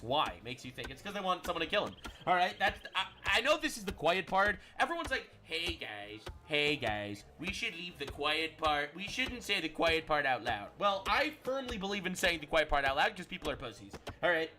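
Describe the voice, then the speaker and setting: A man's voice: fairly high pitch, pushed and bright. A man hosting a livestream, giving brash, profane, sarcastic political commentary. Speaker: livestream host.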